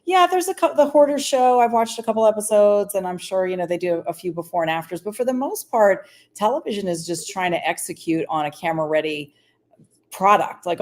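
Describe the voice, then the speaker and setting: A woman's voice: mid-range voice, brisk. A woman hosting a podcast, speaking fluently and reflectively, addressing the audience directly. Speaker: podcast host. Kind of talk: podcast conversation.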